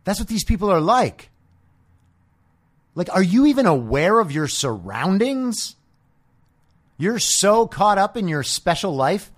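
Man, podcast host, combative profane rant, sarcastic rhetorical questions, lively swooping pitch. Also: a little slow, pauses often. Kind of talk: political podcast monologue.

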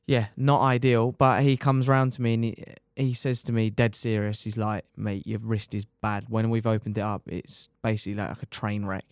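Young racer telling a crash story. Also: male voice, fairly low pitch, brisk, hardly any pauses, clean tone, no room sound, clean studio sound. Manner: animated storyteller, swears freely, says "mate" often. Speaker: podcast guest, motorcycle racer. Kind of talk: casual storytelling chat.

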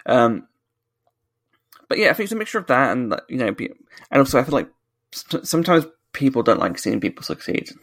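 British man, podcast co-host, casual sweary rant, gravelly voice, mid pitch. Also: big pitch swings, fairly quick, long pauses, fairly bright tone, no room sound. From United Kingdom. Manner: ranting, sweary, self-correcting. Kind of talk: casual chat.

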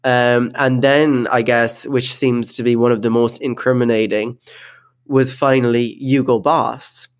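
Speaking a little slowly in a flat, medium-pitched voice, a man co-hosts a podcast. The conversation is casual and loose, full of filler words and frequent laughter.

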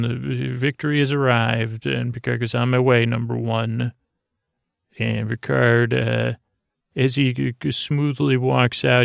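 Flat, gravelly-voiced man sleepily recapping. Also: mid-range voice, no echo. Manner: drowsy, halting retelling with many fillers and restarts. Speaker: podcast host. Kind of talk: sleepy comedic episode recap.

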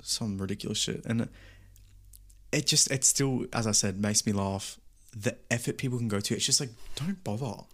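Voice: medium pitch, moderate pace. Chatty young podcast host. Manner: chatty, casual slang, many "like" fillers. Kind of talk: casual chat.

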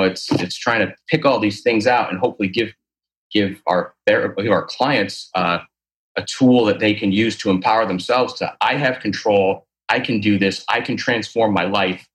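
A man with a somewhat low voice talks through his therapy approach in a relaxed interview. He is earnest and rambling, full of fillers and restarts as he explains his thinking. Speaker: athletic trainer and posture therapist. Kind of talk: casual conversational interview.

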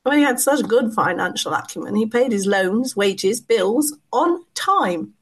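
A hoarse woman historian, a podcast guest, answering in an earnest, explanatory way. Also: a little high, animated, measured pace. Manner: earnest, explanatory, with small laughs. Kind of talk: interview answers.

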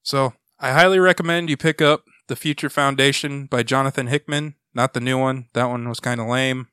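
A man with a bright, crisp voice chats casually on a comic book podcast. He recaps a plot in a loose, rambling way and slips into quoted lines now and then. The sound is close and dry, with no room around it. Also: medium pitch, fairly even intonation, a little fast, dry recording.

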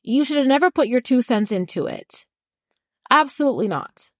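A woman's voice: sits high, animated, moderate pace, dry recording. Fired-up woman ranting, close and dry. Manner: blunt, heated, swears freely. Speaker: podcast co-host. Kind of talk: casual reality-TV recap rant.

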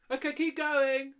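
A man's voice: a bit bright, heavily acted. A man voicing a flustered gangster newcomer in improvised comedy role-play, over an online call. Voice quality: goofy, flustered, high-pitched squeals. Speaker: comedy podcast host.

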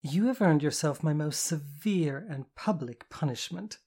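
A flamboyant showwoman who plays to a crowd, loud and mock-formal, put on by an audiobook narrator. Her lines are slow, grand and raised in pitch. She sounds theatrical and in command. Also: gravelly, natural voice. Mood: mock-solemn. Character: flamboyant, theatrical dominant woman performer. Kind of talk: audiobook character voice.

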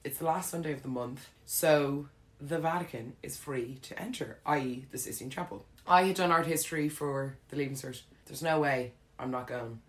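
Irish woman, low voice, chatty anecdote, laughs a lot, rambling storyteller for a chat show. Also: moderate pace. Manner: animated, laughs often, filler-heavy.

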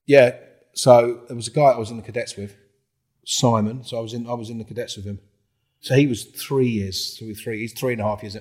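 A man's voice: medium pitch, fairly quick. A man, a former undercover police officer, telling his stories in a casual interview, swearing freely and acting out what others said. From England. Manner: swears a lot, acts out other people's lines with lively quoted voices.

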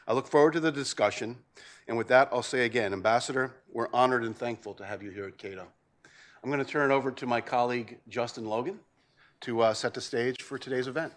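A man, the president of a policy institute, opening an event with a measured, ceremonious prepared welcome speech. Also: mid-range voice, a bit bright.

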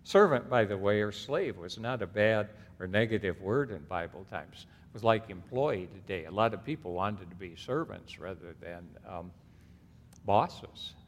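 A man's voice: lowish voice, lively intonation, normal speed. A man preaching a sermon as pastor, reading scripture aloud and breaking off into emphatic asides. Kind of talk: expository sermon. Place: church sanctuary. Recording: long hall reverb.

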